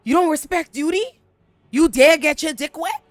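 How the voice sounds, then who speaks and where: This is a young lord scolding a knight in a high, loud voice, acted by a woman. He sounds affronted. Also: expressive, fast talker, no room sound, soft background music. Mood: outraged. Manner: loud, indignant.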